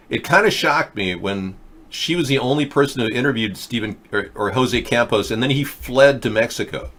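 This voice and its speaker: A political talk show host with a fairly low, fairly bright voice chats casually, thinking aloud with plenty of fillers and restarts in rambling commentary. He's picked up by a webcam or desk mic, as in a video chat.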